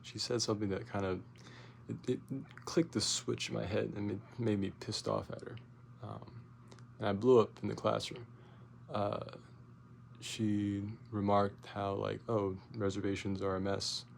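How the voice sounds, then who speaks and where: Young man rambling, profane and gravelly. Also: lowish voice, measured pace, a little hiss or hum. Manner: rambling, profane, many fillers and restarts; gets loud and animated when retelling his outburst. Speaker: vlogger. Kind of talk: casual storytelling rant.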